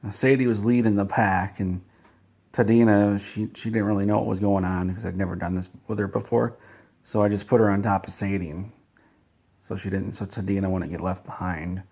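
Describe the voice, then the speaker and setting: A man with a low, husky voice spins an absurd comic tale with a completely straight face. He rambles and backtracks over his own words. The recording is dull and lo-fi. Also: brisk. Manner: deadpan, rambling with self-corrections. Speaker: comedic storyteller. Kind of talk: absurd comedic story told straight-faced.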